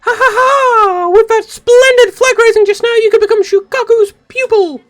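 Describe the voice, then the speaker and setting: Squeaky English-accented game ship girl, a man in falsetto, loud, leaping pitch, deliberately silly. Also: steady tone. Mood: gloating. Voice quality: shrill, over-the-top falsetto. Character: squeaky excitable young anime ship girl. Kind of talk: game dialogue read-along on stream. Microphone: streaming microphone.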